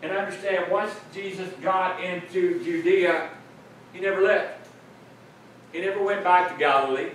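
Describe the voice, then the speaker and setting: A man preaches a sermon, earnestly explaining a passage and repeating phrases for emphasis. His voice sits high and is a bit bright. The room is very echoey, the mic is at a distance, and there's faint noise.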